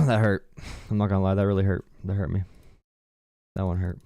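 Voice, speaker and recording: A man's voice: low-pitched, moderate pace, gravelly, dark tone, no room sound, clean studio sound. A man hosting a live political call-in stream, ranting bluntly and mockingly. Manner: mocking, blunt, says bro a lot. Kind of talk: casual streaming rant.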